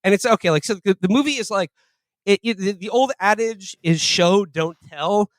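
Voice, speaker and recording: High-voiced man riffing on a podcast. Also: moderate pace, no echo. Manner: rambling, laughing, mocking mock-Russian impressions. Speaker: podcast co-host. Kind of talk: casual comedic chat.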